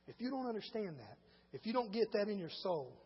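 A man preaching in a church with a very high, husky voice. He drops to quiet storytelling, then rises to shouted exhortation. The sound is dull and carries a long hall echo. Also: big pitch swings, brisk. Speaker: pastor. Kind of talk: sermon.

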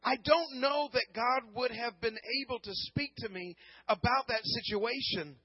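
A man preaching a sermon, telling a personal story earnestly, often repeating words and swinging from hushed to loud. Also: extremely high pitch, moderate pace, husky, no room sound, dull audio. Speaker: pastor.

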